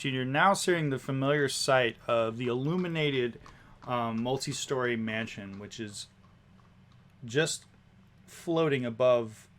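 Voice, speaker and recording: A man runs a tabletop game as its game master. He sets each scene in a medium voice and talks at an unhurried pace. He sometimes trips over a word and restarts. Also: mid-range voice. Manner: relaxed scene description with small restarts.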